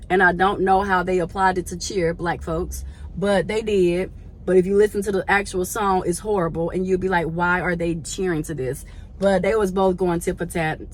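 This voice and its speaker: A woman telling a lively story to her viewers, chatty and slangy, laughing often and calling them y'all. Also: on the low side, slight background noise. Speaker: vlogger.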